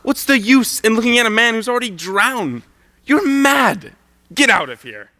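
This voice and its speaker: An exasperated proper gentleman, played by a teenage boy, reacts with huffy incredulity. The voice is high, swooping and bright. The lines are performed on a school stage and sound dry and close. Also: expressive, normal speed, no echo, exaggerated voice. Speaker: student stage actor. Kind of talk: live school stage play.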